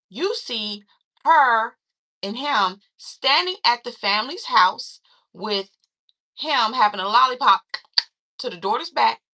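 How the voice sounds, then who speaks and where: Woman w/ a bright higher voice, chatty movie recap, acts out the quotes. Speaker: film reviewer.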